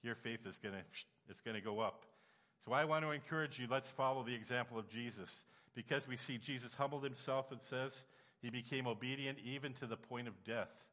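Guy preaching a sermon, storytelling and emotional, bright forceful voice, big echoey church hall. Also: mid-range voice, a little fast. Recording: long hall reverb.

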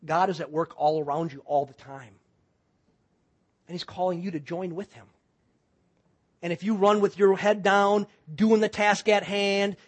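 A middle-aged male pastor preaching a sermon, telling a story that moves between loud excited passages and hushed, intense moments. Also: sits high.

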